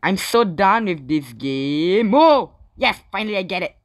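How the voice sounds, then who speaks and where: Man, gaming commentary, non-native English, swears and screams a lot, bright tense tone, dry close sound. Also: sits high, normal speed, no echo. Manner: yells and swears in bursts between calm remarks. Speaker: gaming channel host.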